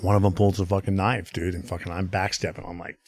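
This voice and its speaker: A man's voice: low voice, little pitch movement, fast talker, a little mellow. A man telling a rambling, profane street story in casual podcast chat, full of fillers. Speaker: podcast guest.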